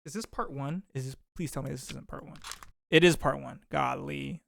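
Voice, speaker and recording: A man's voice: mid-range voice, steady tone, moderate pace, vocal fry, a bit bright, slight background noise. A man hosting a let's play, commenting casually on a puzzle game and thinking aloud in rambling, restarting sentences. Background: background music.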